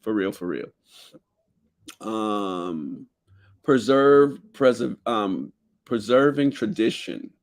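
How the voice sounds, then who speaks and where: A man's voice: fairly low pitch, lively intonation, slow pace, pauses often. Jamaican man reading notes in a loose chat. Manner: reads headings aloud, drifts into loose asides. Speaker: podcast host. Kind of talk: casual talk reading notes.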